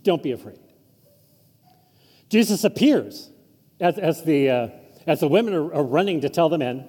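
Lively, high-voiced pastor preaching in a reverberant church. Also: male voice, husky. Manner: informal, chuckling asides, animated intonation. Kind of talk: conversational sermon. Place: church sanctuary.

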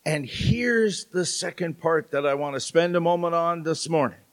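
A middle-aged man preaching a sermon in church, telling stories with dramatic pauses. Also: a little high. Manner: slow, storytelling delivery with dramatic pauses. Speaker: pastor. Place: church sanctuary.

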